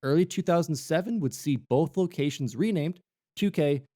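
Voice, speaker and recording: A man's voice: fairly high pitch, moderate pace. A man co-hosting a gaming podcast, mixing casual jokey chat with read-out history notes. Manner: jokey, playful, animated. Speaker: podcast co-host.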